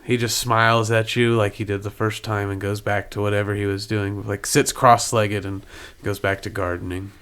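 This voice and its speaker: A man's voice: fairly low pitch, little pitch movement, moderate pace, few pauses, a bit bright, clear, resonant tone. A man narrating a tabletop game as game master, describing scenes in an easygoing way.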